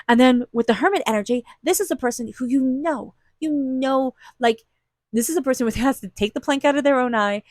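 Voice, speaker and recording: A woman's voice: sits high, fairly quick, no room sound, studio quality. Earnest woman giving a tarot reading. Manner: earnest, repetitive, emphatic spiritual encouragement. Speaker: tarot reader.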